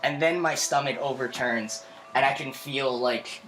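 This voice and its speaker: List: young man, podcast co-host, bright forceful tone, animated, frequent laughs. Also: mid-range voice, unhurried, a little hiss or hum. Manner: animated, laughs often, many fillers. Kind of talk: casual storytelling chat.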